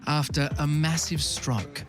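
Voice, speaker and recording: A reporter giving scripted narration for a current affairs story, measured and expressive. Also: medium pitch, loud music behind the voice. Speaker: documentary reporter.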